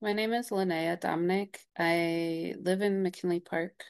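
A woman's voice: on the low side, steady tone, measured pace, clean tone. A young woman from Ohio, a radio producer, answering interview questions thoughtfully, with frequent "like" and "um" and rising, question-like endings. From Cincinnati, Ohio.

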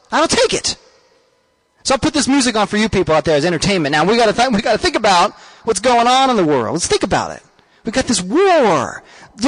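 Man, very high voice, ranting host, emphatic and sarcastic, repeats himself. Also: fairly bright tone, rough recording. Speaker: radio show host. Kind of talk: ranting political monologue.

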